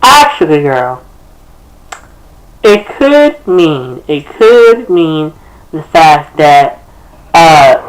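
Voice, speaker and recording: A young man with a notably high speaking voice chats straight into his camera. He rambles sassily through his own lyrics, calling people girl and restarting his sentences. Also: vocal fry, poor audio. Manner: sassy and chatty, calls people girl, many restarts. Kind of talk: casual rambling commentary to camera. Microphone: camera facing him.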